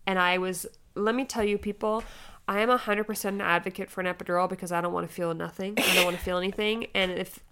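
A young woman co-hosting a podcast in casual chat, telling a story with lively, acted-out quotes that jump up in pitch. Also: quick pace, clean tone. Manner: animated storytelling, acting out quoted lines in a raised voice. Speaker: podcast co-host.

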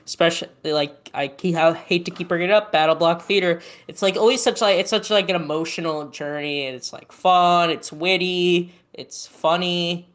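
This co-host talks casually on a podcast at a mid-range pitch. The talk wanders and leans on "like" fillers, with frequent restarts and self-corrections. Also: normal speed, hardly any pauses, fairly bright tone. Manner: rambling, with many "like" fillers and restarts. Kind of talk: casual chat.

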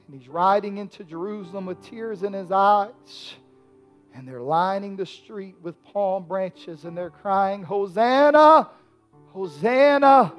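A man preaching a sermon as pastor, swinging from hushed lines to shouted peaks. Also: sits high.

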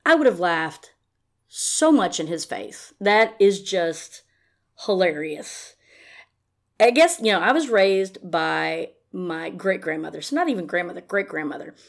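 A woman's voice: on the low side, big pitch swings, a little slow, gravelly. A woman podcast host giving a casual recap, sarcastic and profane.

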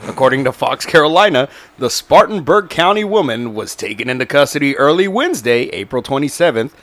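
A man's voice: medium pitch, expressive, a little fast, fairly bright tone, no room sound. A man co-hosting a casual podcast, reading news stories and joking around, cursing freely. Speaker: podcast co-host.

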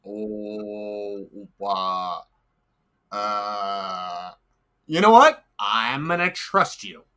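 Slow, bright-voiced man at a game table. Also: lowish voice, lively intonation. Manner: halting, filler-heavy. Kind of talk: casual actual-play chat.

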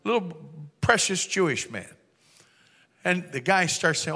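A man preaching a sermon through a story, folksy and humorous, slowing down and rising for emphatic proclamations. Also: on the high side, animated, pushed and bright, long reverb tail.

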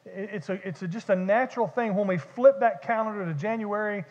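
A man's voice: sits high, brisk, darkish tone. A man preaching a sermon as pastor, casual and joking at his own expense. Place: church sanctuary. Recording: dull audio with long church reverb.

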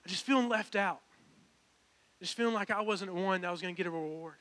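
A man's voice: high-pitched, a little fast, bright, forceful tone. A young man, preaching a personal, earnest sermon that builds to emphatic calls. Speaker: pastor. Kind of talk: sermon with altar call.

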